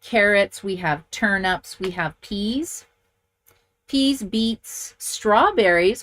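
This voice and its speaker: This papercraft demonstrator, a middle-aged woman, speaks slowly in a fairly bright, mid-range voice with very animated delivery. Her casual card-making tutorial is chatty and enthusiastic, full of thinking aloud as she works.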